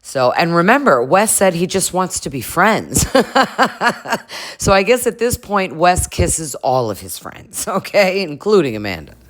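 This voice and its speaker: Low-voiced gossipy woman recapping. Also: very animated, a little slow. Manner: chatty, gossipy, laughing asides. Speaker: recap vlogger. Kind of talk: casual reality-show recap.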